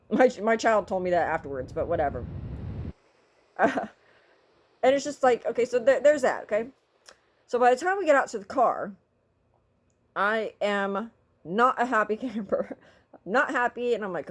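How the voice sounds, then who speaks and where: A woman's voice: medium pitch, animated, moderate pace, pauses often. A middle-aged woman telling a story in a casual vlog, talking in an exasperated, vocal, ranting way. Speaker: vlogger.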